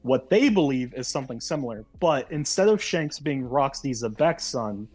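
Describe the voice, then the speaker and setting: A man with a mid-range, slightly mellow voice speaks at a moderate pace with lively intonation. Co-hosting a casual podcast, he walks through a theory at length and reads quotes aloud.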